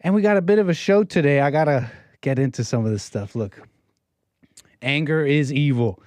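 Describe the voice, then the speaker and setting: A man's voice: fairly high pitch, moderate pace, darkish tone, no echo. Brash rambling male talk-show host. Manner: brash, rambling, playful catchphrases. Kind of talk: casual livestream monologue.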